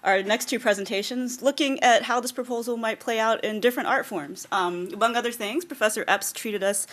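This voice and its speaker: A woman's voice: fairly high pitch, a little fast, fairly bright tone. A middle-aged woman speaking at an academic conference, summing up the day in articulate prepared remarks with frequent ums. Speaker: conference organizer and closing speaker. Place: lecture hall.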